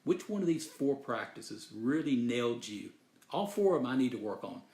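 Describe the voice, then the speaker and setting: A man's voice: medium pitch, lively intonation, normal speed, darkish tone, roomy sound. A man giving an earnest, sermon-style motivational talk, telling a story and repeating phrases for emphasis. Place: Dallas, Texas.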